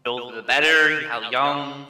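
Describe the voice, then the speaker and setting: A man's voice: mid-range voice, fairly even intonation, normal speed, bright, forceful tone. A man playing a tabletop game, asking hesitant questions with fillers. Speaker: player. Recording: roomy sound, distant mic, faint music.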